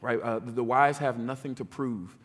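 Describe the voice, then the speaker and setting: A man's voice: medium pitch, steady tone, moderate pace. Guy giving a chatty sermon, lots of "right?", long church hall echo. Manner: conversational, with frequent "right?" and "like". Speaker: pastor. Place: church sanctuary.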